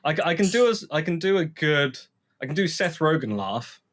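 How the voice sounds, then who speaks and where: Animated man joking on a podcast. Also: fairly high pitch, brisk. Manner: laughs often, hesitant fillers. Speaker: podcast co-host. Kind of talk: casual comedic chat.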